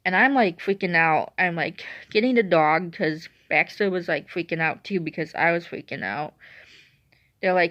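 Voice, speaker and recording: A woman's voice: lowish voice, moderate pace, fairly bright tone, no echo. A woman in her twenties telling a story in a casual, rambling way and often correcting herself. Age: 20s. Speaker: vlogger. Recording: dry, dull lo-fi recording.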